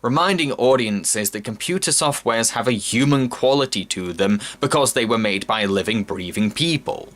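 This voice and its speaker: A man narrating a scripted film review in a measured, earnest and analytical way, as a voice-over. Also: mid-range voice, fairly bright tone.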